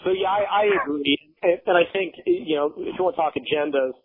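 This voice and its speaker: A man's voice: on the high side, a little fast, breathy edge. A man in blunt casual chat, profane and emphatic as he rants. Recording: tinny phone-like audio.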